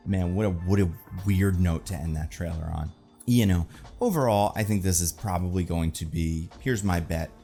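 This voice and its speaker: A man's voice: low voice, mellow. A man hosting casual, rambling movie commentary in a sarcastic, joking tone with lots of fillers. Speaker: film commentary host.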